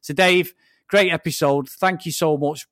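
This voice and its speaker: A man's voice: on the high side, fairly even intonation, unhurried, a bit bright, no echo, studio quality. A man co-hosting a podcast who wraps up the episode in a friendly, chatty way. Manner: friendly, chatty wrap-up with fillers. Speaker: podcast co-host. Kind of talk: casual podcast sign-off.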